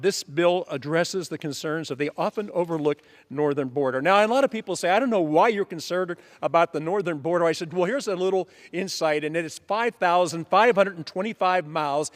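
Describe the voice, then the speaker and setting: Man, lawmaker on the floor, high-pitched, emphatic list-maker, reverberant chamber sound. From Pennsylvania. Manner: emphatic, repetitive lists. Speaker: congressman. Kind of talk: floor speech. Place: legislative chamber. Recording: long reverb of a large chamber.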